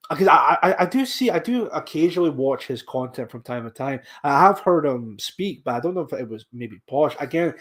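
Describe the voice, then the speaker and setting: A man from Scotland with a mild Scottish accent, hosting a podcast and chatting casually while reading out viewer comments. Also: medium pitch. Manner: rambling, with frequent restarts and fillers. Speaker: podcast host.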